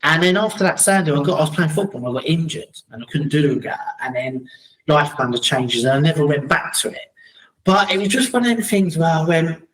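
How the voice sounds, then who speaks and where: A middle-aged man with a South London accent, his voice sitting a touch higher than most men's. He tells stories as a podcast guest in a loose, animated way, slipping into the voices of the people in them. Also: fast, poor audio. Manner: animated, acts out quoted voices. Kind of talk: casual storytelling chat.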